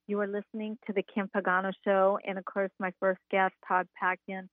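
A woman's voice: mid-range voice, little pitch movement, brisk, dry recording. A woman hosting a radio talk show, chatty and enthusiastic, with fillers as she introduces her guest. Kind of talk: upbeat radio interview. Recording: narrow phone-line sound.

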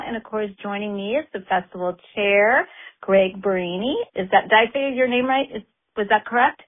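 Upbeat woman talk show host, excitable and chatty, thin phone-like radio sound. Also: mid-range voice, moderate pace. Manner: bubbly, excitable, chatty with fillers.

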